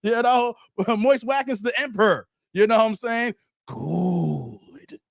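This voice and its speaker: High-voiced, slangy livestream host. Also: male voice, moderate pace, no echo, studio quality. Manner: animated, laughs often, slangy, reads chat aloud. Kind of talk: casual livestream chat.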